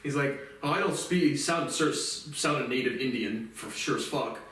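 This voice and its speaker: A man's voice: mid-range voice, moderate pace, fairly bright tone. A man talking alone on his show in a casual, rambling monologue, blunt and full of swearing. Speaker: podcast host. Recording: echoey room, mic at a distance.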